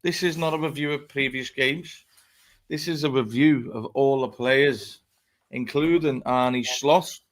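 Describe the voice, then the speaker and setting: A man's voice: mid-range voice, a little slow. A man hosting a live football fan show, chatty and laughing, swearing freely as he talks. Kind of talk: casual live-stream chat.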